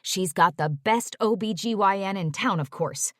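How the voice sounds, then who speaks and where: In an audiobook, a woman voices an older mother who chatters on effusively and talks over everyone. Her voice is mid-range and close to everyday speech, delivered at normal speed with studio-quality sound and no room noise.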